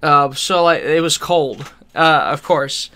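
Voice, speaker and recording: A man's voice: fairly high pitch, steady tone, takes it slowly, bright, forceful tone. A man co-hosting a podcast, telling a rambling story in casual chat, laughing often and swearing freely. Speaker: podcast co-host.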